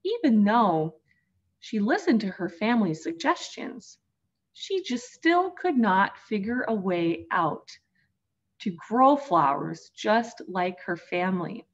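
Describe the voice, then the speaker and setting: A woman teacher reading a picture book aloud to young children, gently addressing them as friends. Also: medium pitch, very animated, takes it slowly, dull audio. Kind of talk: storybook read-aloud for children.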